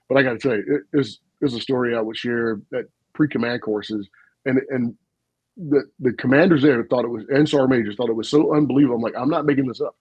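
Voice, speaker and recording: A man, a retired army officer, telling stories in an animated, folksy way on a casual podcast. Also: medium pitch, breathy edge, no room sound, highs cut off. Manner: animated, folksy storyteller with frequent asides and laughs.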